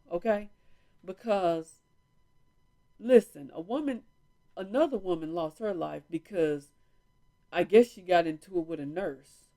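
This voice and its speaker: Speaking unhurriedly with long pauses, this vlog host has a mellow voice on the low side. She chats casually with her live-stream viewers, calling them "y'all," from inside her home through a small phone or camera mic.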